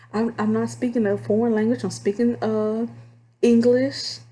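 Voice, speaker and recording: Mellow-voiced Texan woman telling work stories. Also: a little high, takes it slowly, a little hiss or hum. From Texas. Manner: animated, candid, drawling, swears freely. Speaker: call center fundraiser telling work stories. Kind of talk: casual storytime vlog.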